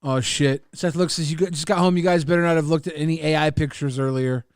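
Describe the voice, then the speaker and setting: A man hosting a livestream, casually reading viewer messages and rambling with plenty of swearing in a deadpan way. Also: a little high, fast, smooth, no echo, clean studio sound. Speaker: stream host.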